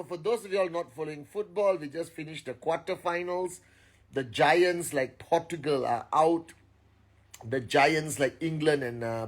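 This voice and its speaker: A man in his thirties hosting a casual livestream, energetically calling out viewers' names and greeting them in many languages. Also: medium pitch.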